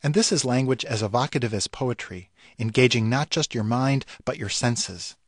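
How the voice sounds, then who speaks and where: A man, a writer, reading his own scripted radio commentary in a wry, measured way that savors the words. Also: medium pitch, no room sound, studio quality.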